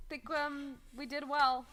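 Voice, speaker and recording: A woman's voice: sits high, a bit bright. A young woman co-hosting a podcast, retelling a tale in a chatty way with wry asides. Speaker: podcast co-host. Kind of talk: casual chat.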